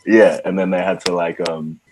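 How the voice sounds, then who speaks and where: Deep-voiced young man, laid-back musician. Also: steady tone, moderate pace, a little mellow, poor audio. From Ghana. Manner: laid-back, many "like" and "um" fillers. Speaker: musician guest. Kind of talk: casual interview chat.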